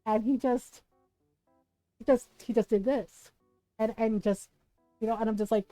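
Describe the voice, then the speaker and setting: A woman streamer chatting casually, ranting in an animated way and swearing a lot. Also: on the high side, unhurried, pauses often, no echo, soft background music, rough recording. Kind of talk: casual chat.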